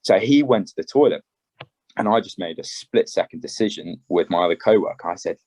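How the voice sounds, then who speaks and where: Man, podcast host, very low voice, measured anecdote, dry close mic. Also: expressive, darkish tone, no echo. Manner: measured storytelling, sums up the guest's point. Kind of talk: casual conversation, anecdote.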